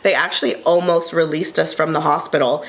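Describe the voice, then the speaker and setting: A woman co-hosting a casual table talk, telling a heartfelt personal story in an earnest way with many pauses and ums. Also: low-pitched, steady tone. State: tearful at moments. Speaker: panel co-host sharing her story.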